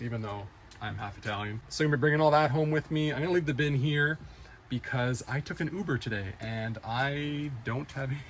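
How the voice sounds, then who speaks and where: A man's voice: mid-range voice, a little fast, a little hiss or hum. Chatty man vlogging in his shop. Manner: chatty, upbeat, laughs easily. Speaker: retro game store owner. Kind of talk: casual store vlog. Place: indoor retro game store.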